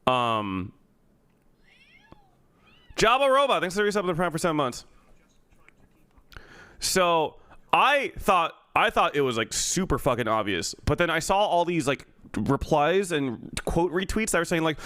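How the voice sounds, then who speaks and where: A man chats on stream in a loose, swearing manner, breaking off to thank a viewer. His voice sits a bit high for a man, recorded close and dry. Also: sing-song, a little slow, pauses often, bright, forceful tone, no room sound. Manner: casual, swearing, reads chat. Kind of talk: casual stream chat.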